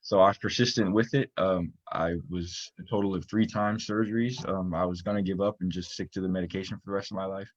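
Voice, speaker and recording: A man's voice: low-pitched, steady tone, fast, hardly any pauses, no echo, dull audio. A young man from Florida, a student-athlete guest, telling his story earnestly in a casual interview, rambling with many fillers. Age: young adult.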